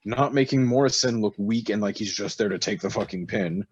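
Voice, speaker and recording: A man's voice: on the low side, brisk, slightly rough, dry recording, dull audio. A man co-hosting a podcast, chatting casually about wrestling, swearing often and laughing as he tells stories. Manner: profane, laughing, animated storytelling. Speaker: podcast co-host.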